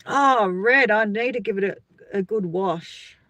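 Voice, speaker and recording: A woman's voice: medium pitch, measured pace, fairly bright tone, dry recording. A middle-aged Australian woman chatting casually on a live stream, rambling and greeting viewers by name as she reads their comments. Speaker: livestream host.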